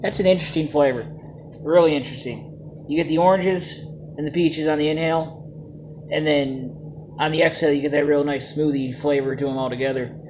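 A man's voice: on the high side, fairly even intonation, fairly quick, background noise. A man casually reviewing vape juices, joking and plain-spoken in a laid-back way.

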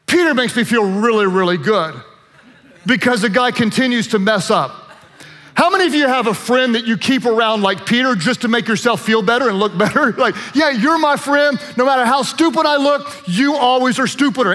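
High-voiced pastor preaching in a hall. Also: male voice. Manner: animated storyteller, joking asides. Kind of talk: sermon.

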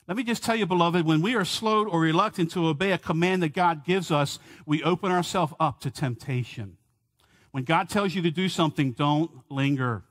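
Man, middle-aged pastor, sermon, earnest and emphatic, slightly high voice. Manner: earnest, emphatic preaching with rhetorical questions. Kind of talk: expository sermon.

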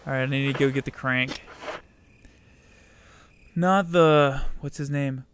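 A young man streaming a game, chatting casually with viewers, swearing freely and shouting at the game. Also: medium pitch, steady tone, takes it slowly, clean tone. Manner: profane, chatty, outbursts at the game, greets viewers. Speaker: let's play streamer. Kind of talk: casual live-stream gaming commentary.

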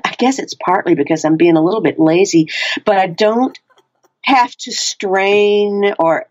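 A woman who narrates audiobooks answers interview questions in a relaxed, chatty way. She laughs easily and pokes fun at herself. Her voice sits at a middle pitch, and the recording sounds slightly dull. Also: measured pace.

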